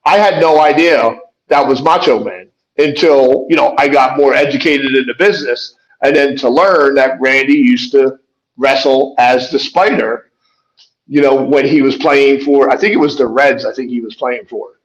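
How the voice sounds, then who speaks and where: A man's voice: mid-range voice, normal speed. A man guesting on a podcast, telling a wrestling story in a loose, rambling way. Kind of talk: conversational storytelling. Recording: slightly dull lo-fi audio.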